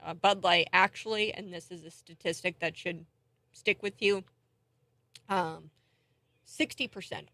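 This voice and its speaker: A woman's voice: on the low side, dry recording. A woman hosting a morning talk show, giving chatty, indignant political commentary. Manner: chatty and indignant, thinks out loud.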